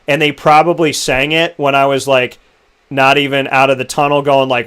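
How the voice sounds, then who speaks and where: A young man hosting a casual interview, telling stories in an animated, emotional way. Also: medium pitch, fairly quick, clear, resonant tone. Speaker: podcast host.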